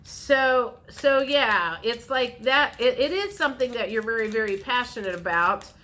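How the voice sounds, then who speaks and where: A woman's voice: a little high, a little slow, bright, forceful tone. A woman giving a frank, chatty tarot reading, speaking straight to the viewer. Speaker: tarot reader. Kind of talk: casual tarot reading to camera.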